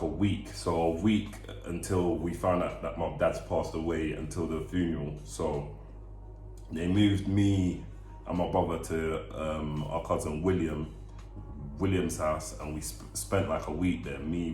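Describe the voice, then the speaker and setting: A young man with a very low voice tells a personal story on a vlog. He talks earnestly and haltingly, restarting his words. The room echoes around him. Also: a little mellow. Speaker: vlog co-host.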